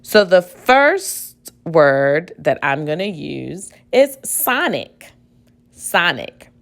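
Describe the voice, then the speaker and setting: A female teacher leads a spelling dictation lesson in a fairly low, sing-song, gravelly voice. She speaks deliberately, repeating every word and then spelling it letter by letter.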